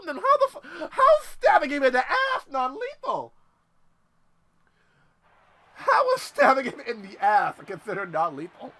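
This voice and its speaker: A man commenting excitedly on his game playthrough, swearing and exclaiming. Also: very high-pitched, unhurried, long pauses. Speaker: gaming youtuber. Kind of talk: let's play commentary.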